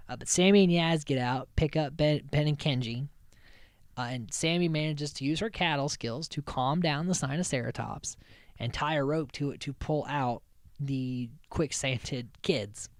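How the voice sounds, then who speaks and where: A man's voice: on the high side, moderate pace, dry recording, studio quality. A man hosting a podcast, recapping episodes in a rambling, chatty way, swearing freely and often restarting his sentences. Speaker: podcast host.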